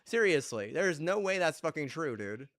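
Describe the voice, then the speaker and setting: A man's voice: a little high, sing-song, normal speed, a bit bright. A man streaming a game, ranting heatedly and profanely, with repeated rhetorical questions. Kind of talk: ranting chat while gaming.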